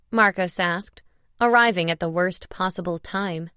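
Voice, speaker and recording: A woman narrating a novel audiobook in a steady, expressive reading. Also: lowish voice, a little slow, clean tone, no room sound, clean studio sound. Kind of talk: scripted narration.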